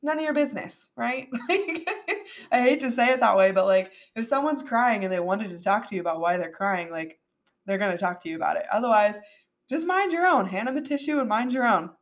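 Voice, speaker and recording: Earnest, animated woman podcast host. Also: medium pitch, fairly quick. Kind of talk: solo podcast talk.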